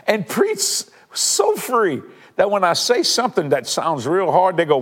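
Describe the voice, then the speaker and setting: This older man's high, husky voice swoops wildly in pitch as he preaches and prays a little slowly in a big-sounding room for a televised sermon. Fervent and emphatic, he repeats lines for effect and shifts between loud proclamations and quiet, earnest asides.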